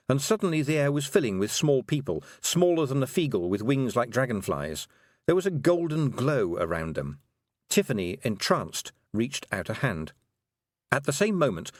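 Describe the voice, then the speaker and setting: A man narrating an audiobook with expressive storytelling. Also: medium pitch, dry recording, studio quality. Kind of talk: scripted narration.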